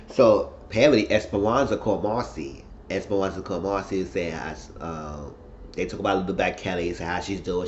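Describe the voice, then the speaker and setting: A man casually recapping a TV episode in a slangy, animated way, acting out what the characters said. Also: low voice. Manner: animated, slangy retelling that acts out the quotes. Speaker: TV recap vlogger. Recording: muffled lo-fi with faint hiss.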